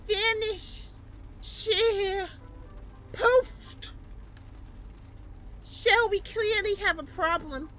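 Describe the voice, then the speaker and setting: A woman's voice: very high-pitched, very slow, pauses often, bright, forceful tone, soft background music, pitched above the performer's own voice, heavily acted. A woman voicing a drunk man in a green superhero suit, with a put-on Southern American accent and a tipsy, playful drawl.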